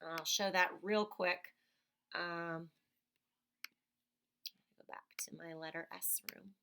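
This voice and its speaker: A woman's voice: lowish voice, fairly even intonation, takes it slowly, noisy background. A woman teacher giving a phonics lesson to young children, patiently sounding out words.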